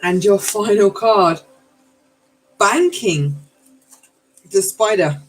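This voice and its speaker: With soft music behind her and poor audio, a woman with a mid-range voice hosts a live tarot reading at a very slow pace. She exclaims, swears, apologizes, and affectionately calls her viewers darlings.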